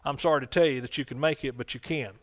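A man preaching a sermon as pastor, exuberant, with bursts of shouted exclamations. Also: medium pitch, fairly even intonation, quick pace.

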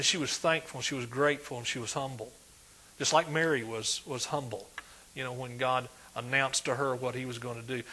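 A husky, medium-pitched man preaches a sermon with emphasis, swinging between loud declarations and hushed asides.

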